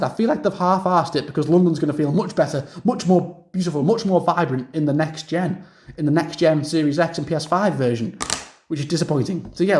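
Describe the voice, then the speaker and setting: Rambling young man, high voice. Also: a little mellow. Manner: rambling, repeats himself, lots of fillers. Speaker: game reviewer. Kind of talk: casual video review rant.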